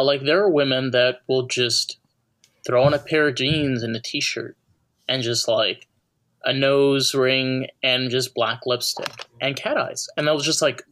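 A podcast co-host chatting casually, animated and joking. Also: medium pitch. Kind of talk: casual chat.

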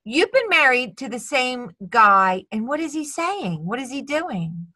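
A woman hosts a casual interview, with a high and bright voice. Her pitch swings widely as she asks curious questions and exclaims. She laughs easily in between. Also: very animated, a little slow. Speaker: interviewer host.

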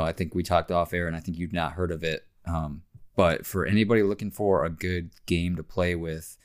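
A man co-hosting a casual sports podcast, talking in a relaxed, chatty way with many fillers. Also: low-pitched, clear, resonant tone. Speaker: podcast host.

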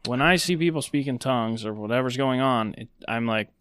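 A man's voice: mid-range voice, brisk, a bit bright, clear, resonant tone, no room sound, clean studio sound. Casual man co-hosting a podcast. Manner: rambling, conversational, many fillers. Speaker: podcast co-host.

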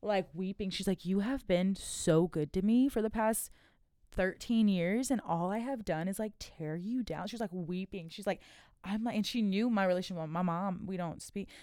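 A woman's voice: mid-range voice, moderate pace, dark tone, no echo, studio quality. A young adult woman, a podcast guest, telling personal stories candidly with lots of "like" and laughter. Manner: candid storytelling with frequent "like" and laughs. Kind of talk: casual podcast chat.

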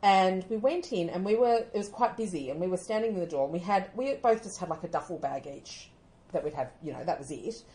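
An Australian woman co-hosting a podcast, telling stories in a casual, animated way and often laughing as she talks. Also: on the low side, fairly quick. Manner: animated storytelling, often laughing mid-sentence. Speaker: podcast co-host.

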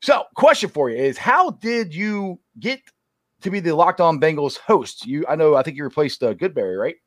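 A man hosting a casual sports talk show, animated and quick to laugh at himself. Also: on the high side, no echo, studio quality. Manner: animated, laughs often, self-deprecating.

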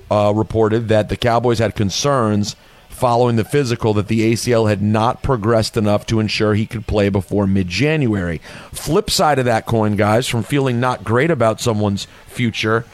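A man's voice: lowish voice, moderate pace. A man hosting a sports talk show, chatty and jokey, reading out news items between banter.

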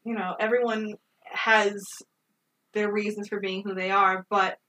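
A woman's voice: medium pitch, level tone, a little slow, bright, forceful tone, far from the mic, rough recording. A woman co-hosting a podcast, retelling a film in an emphatic, profane and emotional way. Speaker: podcast co-host. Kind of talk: casual movie review chat.

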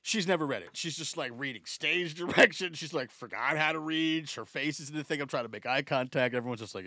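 Gravelly New man, animated profane storyteller, lively bright voice. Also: fairly high pitch, a little fast, no room sound, studio quality. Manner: animated, profane, laughs often. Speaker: podcast guest. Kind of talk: casual storytelling.

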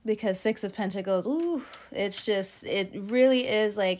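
A woman's voice: mid-range voice, measured pace, few pauses. A woman giving a casual tarot reading, chatty and playful, laughing often and swearing now and then. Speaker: tarot reader.

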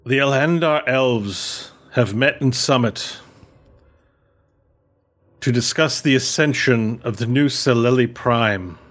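A man voicing a solemn elf council leader making a formal proclamation, raised above his usual pitch. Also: slow, fairly bright tone. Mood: ceremonial.

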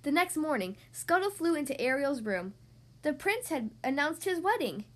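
Woman narrator, high voice, storybook read-aloud, slight stumbles. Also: very animated, normal speed, a bit bright. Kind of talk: storybook reading.

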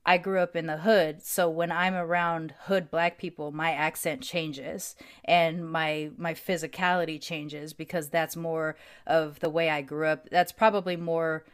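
A woman's voice: low voice, flat delivery, a little slow, few pauses, clean tone. A woman from the United States, a podcast guest, talking reflectively over a video call and thinking aloud with fillers. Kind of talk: casual conversation.

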